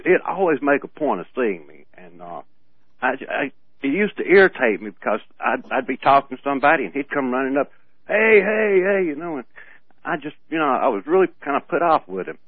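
A man's voice: mid-range voice, lively intonation, no echo. Rambling man on tinny radio audio. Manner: rambling storyteller, halting restarts, laughs often. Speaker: radio co-host. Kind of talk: casual radio chat.

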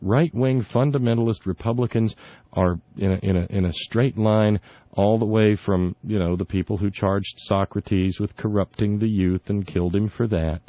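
A lowish male voice rants through sarcastic political commentary as a radio talk host. He is indignant and often trips over his words before pushing on. The sound is dull and lo-fi, with no room echo at all. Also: fairly even intonation, moderate pace. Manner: indignant, sarcastic, stumbling restarts. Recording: dull lo-fi dry recording.

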